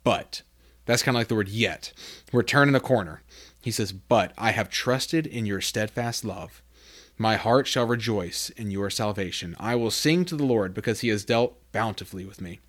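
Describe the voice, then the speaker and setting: A man's voice: fairly low pitch, moderate pace. A man hosting a devotional podcast, talking informally and reading scripture aloud with rising emphasis, often correcting himself with "I mean.". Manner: self-correcting, many fillers like "I mean". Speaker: podcast host teaching scripture.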